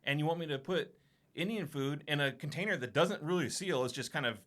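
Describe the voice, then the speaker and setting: A man telling a profane, animated story on a casual podcast, acting out what everyone said. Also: a little high, a little fast. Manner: profane, animated anecdote-telling with acted-out quotes. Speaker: podcast co-host.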